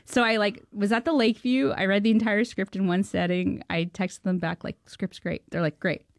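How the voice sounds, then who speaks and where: Excitable woman telling a story. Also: mid-range voice, normal speed, no echo, clean studio sound. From Canada. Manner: excitable, laughing often, acting out quoted dialogue. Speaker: filmmaker guest. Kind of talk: animated storytelling in an interview.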